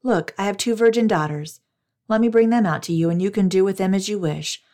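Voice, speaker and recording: A woman's voice: medium pitch, brisk, warm tone, close to an everyday voice. A woman reading as anxious, begging man. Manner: urgent, begging.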